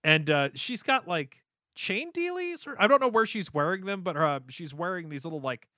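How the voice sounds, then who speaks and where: A man in casual chat, recapping a show in a rambling, animated way. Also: sits high, normal speed, dry recording, studio quality. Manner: rambling, animated storytelling with fillers.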